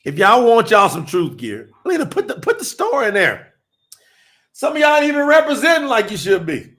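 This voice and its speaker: A man preaching on a livestream, fiery and emphatic, rising to shouts, then chatting loosely with his viewers between points. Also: very high-pitched, wildly swooping pitch, normal speed. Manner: addresses the audience as y'all, loose and conversational between points. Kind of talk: livestream sermon and chat with viewers.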